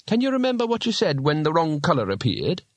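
A man putting on a brisk, sensible young woman. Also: a little high, huge pitch swings, dry recording, pitched above the performer's own voice. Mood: curious. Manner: practical, matter-of-fact. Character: sharp-witted young woman.

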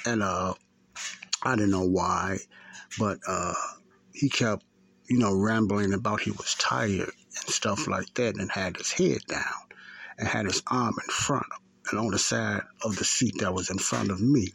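A man's voice: on the low side, unhurried, creaky, a bit bright, slightly rough. A man in his fifties hosting a podcast, telling a story in a rambling, repetitive way and often correcting himself. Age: 50s. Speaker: podcast host. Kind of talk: casual talk and storytelling.

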